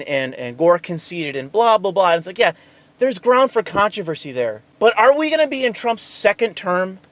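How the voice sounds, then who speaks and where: A man with a high-pitched voice, hosting a heated, profane, sarcastic political rant. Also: fairly bright tone, dry recording. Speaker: political commentary host.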